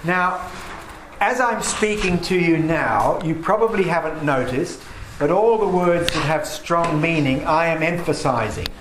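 A man's voice: on the high side, noisy background. A man teaching a class about poetry, reading verse aloud with strong stresses on the key words. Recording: echoey classroom with faint ambience.

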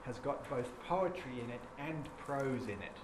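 A man's voice: medium pitch, expressive, measured pace. Man teaching in an echoey classroom. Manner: explains patiently, chants rhythms aloud. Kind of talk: classroom lecture. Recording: echoey classroom with background noise.

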